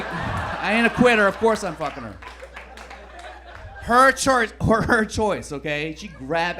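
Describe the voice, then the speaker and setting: A brash male stand-up comedian with a fairly high voice delivers crude material. He swings from loud, punchy bursts to low, throwaway mutters. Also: a little hiss or hum. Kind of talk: stand-up routine.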